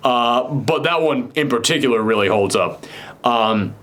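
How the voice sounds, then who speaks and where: A man's voice: mid-range voice, expressive, a bit bright. A man casually recapping a TV episode with a co-host, rambling with many fillers. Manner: rambling, filler-heavy, quick mock voices for characters. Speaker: podcast co-host.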